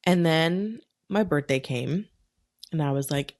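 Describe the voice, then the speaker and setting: A young adult woman hosting a solo podcast, telling a personal story in a frank, profane, animated way. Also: deep voice, unhurried. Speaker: podcast host.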